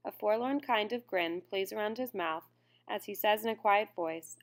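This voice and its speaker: A woman narrating a first-person audiobook in a measured, reflective reading. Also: medium pitch.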